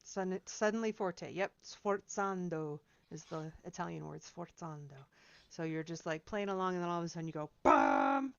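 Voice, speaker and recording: A woman's voice: low voice, steady tone, brisk, creaky, no echo, lo-fi sound. A woman piano teacher giving chatty, encouraging feedback to students in a seminar, singing out rhythms as she explains.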